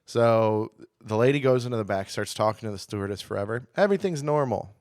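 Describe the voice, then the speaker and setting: A man's voice: fairly low pitch, expressive, brisk, a little mellow, no room sound, clean studio sound. A man co-hosting a comedy podcast, telling a long travel story in a casual, profane, self-deprecating way. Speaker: podcast co-host.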